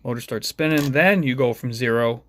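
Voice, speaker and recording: A man's voice: medium pitch, moderate pace, a bit bright. A man talking casually about his small racing drone build, rambling and mumbling with self-deprecating asides. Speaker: FPV drone hobbyist showing his build. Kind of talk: casual rambling tech vlog.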